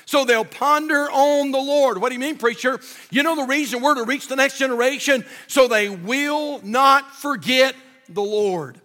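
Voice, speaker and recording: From the pulpit, an older pastor delivers a folksy, fervent sermon at a measured pace, often repeating himself. His high voice sounds bright and forceful, ringing with the long reverb of a church sanctuary.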